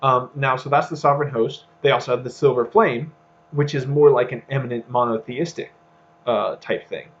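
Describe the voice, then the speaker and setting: A man's voice: mid-range voice, steady tone, normal speed. Man, podcast co-host, rambling talk, restarts, muffled lo-fi recording. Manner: rambling, thinks aloud with fillers and restarts. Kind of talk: casual discussion.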